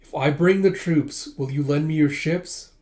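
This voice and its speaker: A man's voice: fairly high pitch, normal speed, darkish tone, close to an everyday voice. A man voicing a determined young noblewoman from a comic, speaking firmly and urgently as he reads it aloud. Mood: insistent. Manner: firm, blunt and urgent. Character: determined young noble girl rallying merchants.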